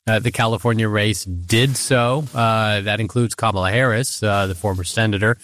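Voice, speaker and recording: A man talking through politics in a conversational way, with many "uh" pauses. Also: lowish voice, fairly bright tone, no room sound. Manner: thoughtful, frequent "uh" pauses. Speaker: podcast co-host. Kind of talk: conversational analysis. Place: studio in Washington.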